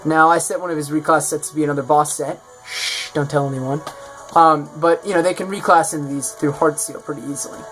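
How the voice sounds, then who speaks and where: A man's voice: on the high side, fairly even intonation, fast, hardly any pauses, fairly bright tone, faint music behind. A man casually presenting his own game mod in a showcase, rambling and correcting himself as he goes. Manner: rambling, self-correcting, offhand.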